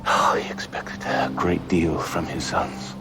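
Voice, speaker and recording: An actor playing a grave young royal who recalls his boyhood, speaking slowly and somberly in a period drama clip. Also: low-pitched, flat delivery. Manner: slow, somber and measured. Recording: drama clip under loud music. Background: loud dramatic score.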